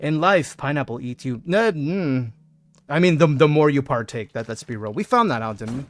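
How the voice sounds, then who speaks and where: A man's voice: mid-range voice, expressive, normal speed, soft background music. A man streaming a game, joking around playfully and reading out viewer messages. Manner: playful, jokey, reads chat aloud. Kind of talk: casual gaming stream chat.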